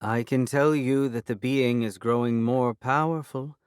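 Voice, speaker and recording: A man's voice: mid-range voice, steady tone, a little slow, clean tone, no room sound, clean studio sound, voice pushed up, natural voice. A man voicing a defiant fairy woman. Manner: proud, sharp and defiant. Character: defiant female guardian fairy.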